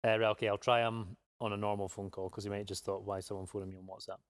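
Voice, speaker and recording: A man's voice: fairly low pitch, flat delivery, racing, dry recording, clean studio sound. Upbeat man hosting a live draw. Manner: chatty, upbeat, jokey. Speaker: giveaway live draw host. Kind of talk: casual live-stream chat.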